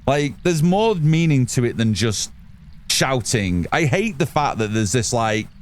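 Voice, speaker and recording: Loud excitable man streaming. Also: medium pitch, unhurried. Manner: loud, excitable, swears a lot, reads chat aloud. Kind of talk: casual live-stream chat while gaming.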